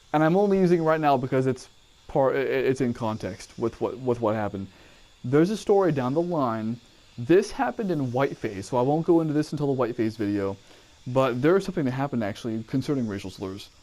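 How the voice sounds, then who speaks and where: A man's voice: medium pitch, lively intonation, brisk, a little mellow. A man casually recounting his army training days, swearing freely and wandering off on tangents. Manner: profane, digressive, rambling. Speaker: army veteran telling training stories. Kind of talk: casual storytelling to camera.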